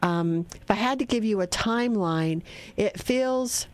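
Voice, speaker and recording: A woman's voice: mid-range voice, unhurried, no room sound. Chatty woman giving tarot readings on radio. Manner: chatty, reassuring, spiritual advice.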